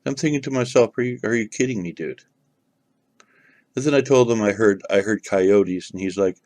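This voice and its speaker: A man's voice: fairly low pitch, moderate pace, darkish tone, dry recording. A man telling a personal story to the camera in a casual, rambling way, full of fillers and restarts.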